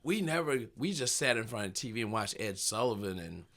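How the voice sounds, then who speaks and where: Animated storytelling comedian, man. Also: lowish voice, a little fast. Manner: animated storyteller, acts out voices, laughs often. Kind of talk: casual storytelling chat.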